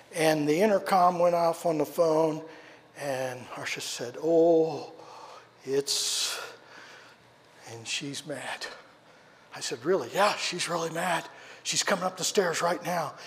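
A man delivers a sermon in a church, his voice sitting a little high for a man. He tells a personal story with animated shifts from loud to hushed. A long reverb from the hall trails each phrase. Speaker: preacher. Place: church sanctuary.

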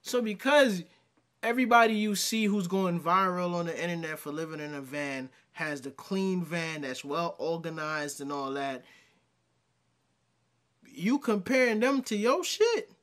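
A man's voice: sits high, animated, measured pace, fairly bright tone. A man giving casual reaction commentary, exasperated and slangy, talking back at the video he is watching.

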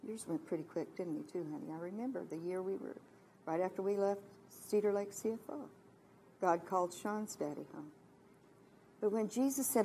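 A woman in her sixties from Kansas giving a heartfelt testimony sermon at a retreat, moving between hushed and emphatic delivery. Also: medium pitch, moderate pace, slight background noise. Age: 60s. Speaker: retreat speaker.

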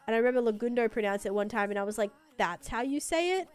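A woman's voice: a little high, animated, fast, smooth. A young woman streaming a game live, chatting casually and giggling often, with lots of fillers. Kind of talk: casual live-stream chat while gaming.

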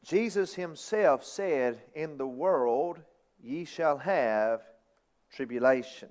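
A man's voice: on the high side, lively intonation, slow pace, a little mellow. A man preaching a sermon as pastor, reading scripture aloud and driving points home with emphatic repetition and sudden raised outbursts. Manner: reads scripture in King James wording. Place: church sanctuary.

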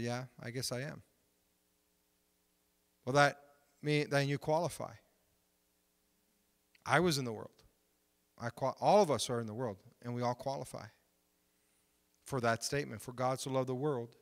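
A man preaching a sermon, telling testimony stories in an animated way and acting out the conversations. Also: mid-range voice, big-room sound. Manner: animated, retells conversations with rising excitement. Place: church.

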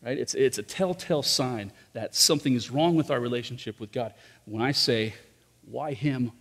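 Preaching briskly in a medium-pitched, fairly bright voice, a pastor addresses his congregation in a large church room. His sermon is conversational, full of rhetorical questions and asides, and long hall reverb surrounds it.

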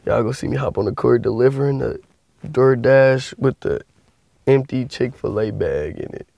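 A man's voice: medium pitch, normal speed, gravelly, dark tone, no room sound, lo-fi sound. A man talking casually to camera in a prank vlog, joking and cursing at himself. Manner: joking, self-mocking, profane. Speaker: prank video creator.

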